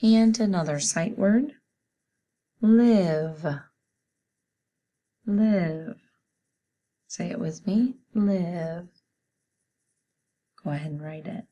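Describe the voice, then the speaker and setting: Slow, patient woman teaching spelling. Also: on the low side, warm tone. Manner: slow, patient, sounds out letters one by one. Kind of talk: spelling lesson for children.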